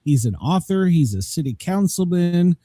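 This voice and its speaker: A man's voice: high voice, very animated, moderate pace, warm tone, no echo. A middle-aged man hosting a podcast in casual chat, joking and rambling with frequent chuckles. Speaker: podcast host.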